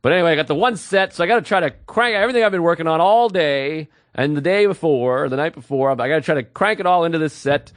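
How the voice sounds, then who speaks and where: A man's voice: fairly high pitch, fast talker, few pauses, no echo, studio quality. A man, a comedian co-hosting a podcast, telling a story in casual chat and acting out the quotes. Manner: animated, acts out quotes in shifting voices.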